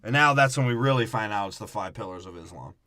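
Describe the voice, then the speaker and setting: A man with a bright, forceful voice riffs crudely on a film as podcast co-host. His talk is loose and full of swearing. The sound is close and dry. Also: lowish voice, lively intonation, fast talker, no echo. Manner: crude, profane, joking. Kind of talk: casual comedic movie breakdown.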